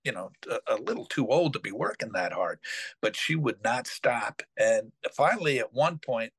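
A man's voice: mid-range voice, normal speed, creaky, breathy edge, dry recording. Middle-aged man telling a rambling story. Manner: rambling, full of fillers and restarts, animated retelling. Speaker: podcast host. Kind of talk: casual storytelling.

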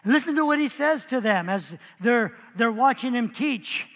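A man preaching a sermon as pastor, animated and acting out the voices he quotes. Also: extremely high pitch, normal speed. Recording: long hall reverb.

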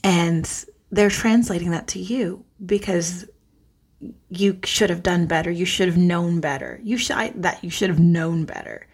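Gentle woman teaching self-talk, raspy low-level voice, soft and sincere. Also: unhurried. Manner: soft and earnest, often sinking to a near whisper. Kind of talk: guided self-talk lesson.

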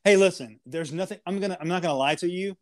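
A man's voice: sits high, fast talker. A man co-hosting a casual podcast, ranting and joking with lots of swearing and mock insults. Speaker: podcast co-host.

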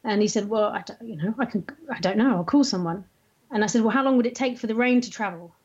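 A woman's voice: medium pitch, fast talker, breathy edge. Woman retelling a set story, muffled. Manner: recounts dialogue in an animated way. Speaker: interviewee.

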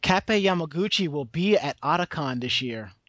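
A man's voice: fairly high pitch, lively intonation, moderate pace, fairly bright tone, dry recording, clean studio sound. Laid-back New man co-hosting. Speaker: podcast co-host. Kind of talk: casual chat.

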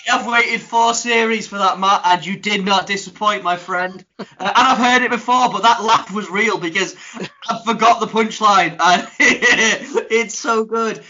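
A man hosting a casual podcast, with a high, bright, forward voice. He jokes and teases with plenty of energy. The audio sounds a bit dull and lo-fi. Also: moderate pace. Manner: jokey, energetic, teasing. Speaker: podcast co-host.

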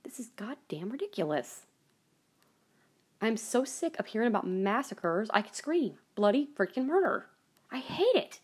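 A woman's voice: a little high, sing-song, normal speed, a little mellow, husky. A woman hosting a personal monologue podcast, ranting angrily and swearing heavily, with many restarts and trailing asides. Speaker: podcast host.

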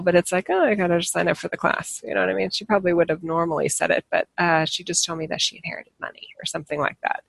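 Gravelly-voiced woman chatting to viewers. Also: on the low side, no echo. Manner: rambling, self-correcting, laughs at herself. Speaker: livestream host. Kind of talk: casual spiritual talk to live viewers.

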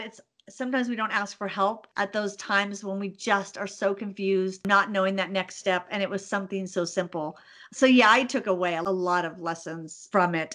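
Earnest woman guest, mid-pitched, reflective storyteller, quick to laugh. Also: fairly bright tone. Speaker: interview guest, business speaker.

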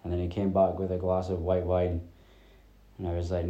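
A man's voice: low voice, completely flat delivery, moderate pace, dark tone, reverberant, muffled recording. A man in his thirties from north-east Scotland who drops his T sounds, rambling through a casual solo podcast chat as host. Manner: rambling, chatty storytelling with many fillers.

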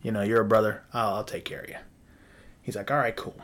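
A man's voice: fairly low pitch, fast talker. A man casually telling a long story about his rental properties, swearing freely and acting out both sides of conversations. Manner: profane, animated, acts out dialogue.

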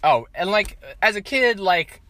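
Animated teenage guy, bright and lively. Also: unhurried, dry recording. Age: teens. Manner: animated, laughing, acts out quotes in high squeals. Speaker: podcast co-host. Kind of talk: casual chat.

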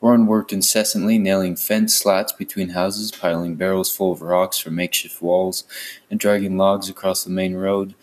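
A man reading a fantasy novel aloud in a plain way, with small stumbles. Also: deep voice. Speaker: reader.

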